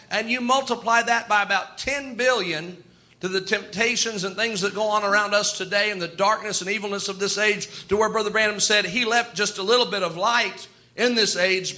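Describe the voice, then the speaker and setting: A man's voice: high-pitched, bright, forceful tone. A man preaching a sermon in a folksy, storytelling way. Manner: folksy, storytelling, chuckles often.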